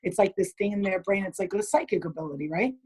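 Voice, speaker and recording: A woman's voice: mid-range voice, fast, darkish tone, husky, poor audio. A woman hosting a group video call, giving blunt advice in casual chat, swearing freely and laughing often.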